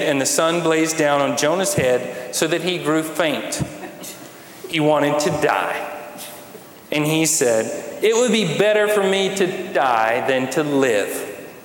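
A man preaching a sermon to a congregation, conversational with wry humor and rhetorical questions. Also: fairly high pitch. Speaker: pastor. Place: church sanctuary. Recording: echoey hall with faint room noise.

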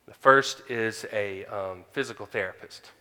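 A man's voice: lowish voice, bright, forceful tone, clear, resonant tone. Man preaching in a reverberant church. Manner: conversational with frequent pauses and fillers. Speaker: pastor. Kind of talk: sermon. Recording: hall reverb.

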